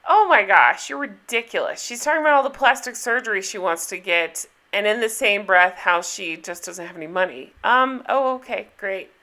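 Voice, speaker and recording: A woman's voice: mid-range voice, expressive, normal speed, hardly any pauses, bright, forceful tone. A middle-aged woman hosting a casual reality TV recap, chatty and sarcastic, laughing often. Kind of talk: casual chat.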